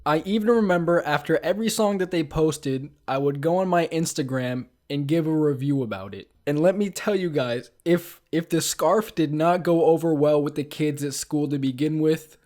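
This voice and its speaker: A man's voice: on the high side, normal speed, few pauses, a little mellow. A young man and vlogger telling a comic story about his past in a casual, self-mocking way, with frequent ums and uhs. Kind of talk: comedic storytime narration.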